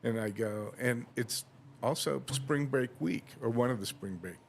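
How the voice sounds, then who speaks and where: A man's voice: medium pitch, measured pace, creaky, a little hiss or hum. A man on a podcast telling a long anecdote in casual chat, acting out dialogue and laughing often. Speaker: podcast host.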